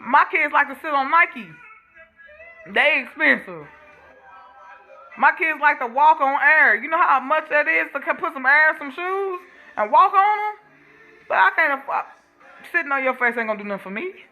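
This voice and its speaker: A woman's voice: sits high, lively intonation, normal speed, pauses often, bright, forceful tone, faint music behind. A woman vlogger talking straight to camera in a blunt, profane, fired-up rant. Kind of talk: casual monologue to camera.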